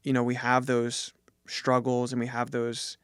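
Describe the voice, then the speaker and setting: Man, New Jersey accent, reflective podcast guest, smooth voice. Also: mid-range voice, monotone, a little slow, no echo, studio quality. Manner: reflective, thoughtful, with many fillers. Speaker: guest, gym owner and jiu jitsu coach. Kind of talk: casual conversation.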